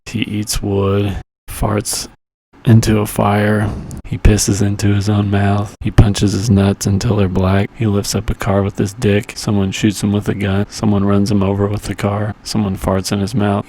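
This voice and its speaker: A man's voice: on the low side, a little mellow, dry recording. A man hosting a comedy movie review, rambling crudely through a profane plot recap with loose impressions of the characters. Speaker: podcast host reviewing movies.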